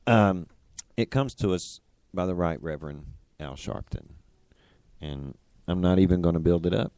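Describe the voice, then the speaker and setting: A man's voice: low voice, moderate pace, mellow, dry recording. Male radio host, mid voice, indignant and sarcastic, dry close mic. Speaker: radio talk show host. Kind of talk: casual political talk radio.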